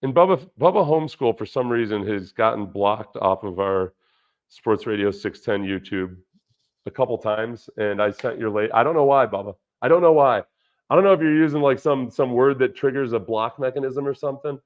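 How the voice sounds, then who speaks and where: A former football player, now a livestream host, talks football casually, rambling and replying to viewers in chat. His voice is mid-range and his pace moderate. Audio from his studio dynamic mic and budget interface sounds dull and lo-fi, with dropouts.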